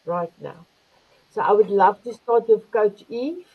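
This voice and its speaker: A woman's voice: mid-range voice, measured pace, breathy edge. An older woman hosting an online talk show, effusive and affectionate with her guests, heard over muffled video call audio. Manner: effusive, calls guests beautiful. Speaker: host.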